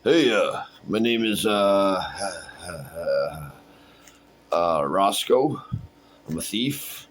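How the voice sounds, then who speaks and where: A man's voice: sits low, expressive, slight background noise, exaggerated voice, poor audio. A man voicing a confused, sullen male petty thief who mumbles and stumbles over his words. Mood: mumbling. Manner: mumbling, halting, flustered.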